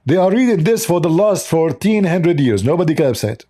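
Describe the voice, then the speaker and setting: A man's voice: fairly high pitch, sing-song, a little fast, mellow, breathy edge. A man hosting a livestream, talking in a mocking, sarcastic way in non-native English. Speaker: livestream host. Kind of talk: livestream polemic commentary.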